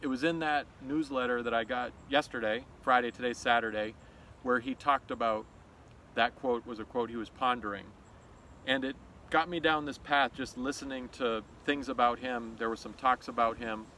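A man's voice: medium pitch, sharp tone, a little hiss or hum, poor audio. Man musing aloud on a trail. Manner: thoughtful, unhurried, with fillers and restarts. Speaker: host. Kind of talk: reflective walk-and-talk monologue. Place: outdoors on a nature trail.

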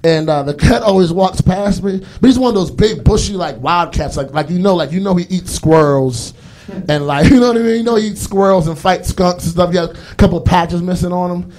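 On a live stage, a young Bostonian rambles through a stand-up comedy set full of fillers, putting on voices for his bits. He speaks briskly in a high, darkish voice, with slight background noise.

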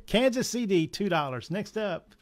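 A man's voice: sits high, lively intonation, a little slow. Chuckling Southern man running a sale. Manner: chatty, chuckling, jokey asides. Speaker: comic shop owner running a live sale. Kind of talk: casual live sale patter.

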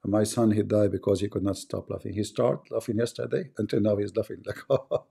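Gravelly husky man, mocking tone. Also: fairly low pitch, fairly even intonation, brisk, mellow. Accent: Arabic. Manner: sarcastic, taunting, laughs at callers. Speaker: host of a live debate stream. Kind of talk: mocking live-stream banter.

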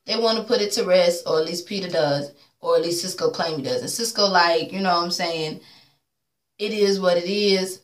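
A recap vlogger with a lowish voice rants about a reality show episode at a normal pace, blunt, sassy, and full of swearing, acting out the cast's lines. The recording is reverberant.

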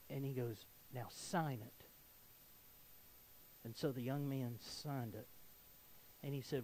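A man preaching a sermon as pastor, earnest and swinging between quiet appeals and emphatic exhortation. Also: mid-range voice, slight background noise, rough recording.

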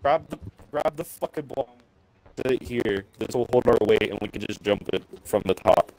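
A man's voice: fairly low pitch, moderate pace, a little mellow, low-quality recording. A young man bossing a friend around while they play a game together, swearing and exasperated. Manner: profane, bossy and exasperated. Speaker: gamer. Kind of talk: casual co-op gaming chat.

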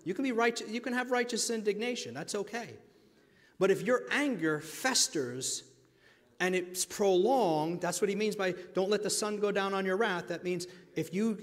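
A man pastor preaching a sermon, emphatic and calling the congregation his friends, swinging between loud stretches and hushed ones. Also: high-pitched, in a large hall. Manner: addresses the congregation directly as friends. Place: church sanctuary.

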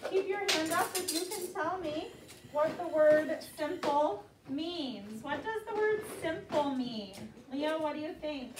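This elementary school teacher's voice sits high, animated yet measured in pace, with a noisy background. She patiently leads children through vocabulary by call-and-response, repeating each word often, in a classroom recorded in an echoey room from a distance.

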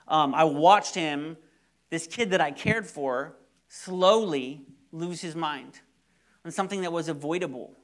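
A man's voice: fairly high pitch, measured pace. A young man preaching a sermon, telling stories animatedly with repeated words and sudden drops to near-whispers. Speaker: pastor.

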